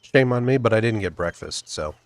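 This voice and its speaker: A man's voice: on the low side, a little fast, no room sound. A man casually commenting on his own gameplay, thinking aloud as he plays. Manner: relaxed, thinking aloud while playing. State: chewing food. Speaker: game streamer.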